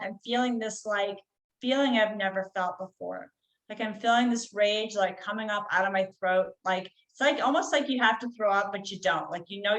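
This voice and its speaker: A woman's voice: mid-range voice, fairly bright tone, echoey room, low-quality recording. A woman, a healer guest on a podcast, telling a personal story in a casual, chatty way with many "like" and "you know" fillers.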